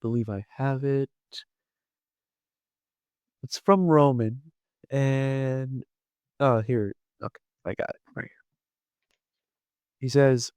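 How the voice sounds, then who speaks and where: A man's voice: mid-range voice, slow pace, long pauses, darkish tone, clear, resonant tone, no echo, studio quality. A man giving casual commentary on his vlog, rambling with lots of fillers and restarts. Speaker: wrestling vlogger.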